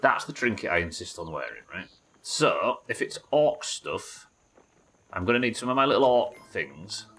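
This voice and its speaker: A man from New Zealand, his accent plain, plays a game live while talking his plans through out loud. His voice sits low but comes across bright and forceful. He chats loosely with his viewers and swears offhand. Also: sing-song, normal speed, breathy edge. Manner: chatty, thinks aloud, swears casually, answers chat. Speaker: streamer. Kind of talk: live gameplay commentary.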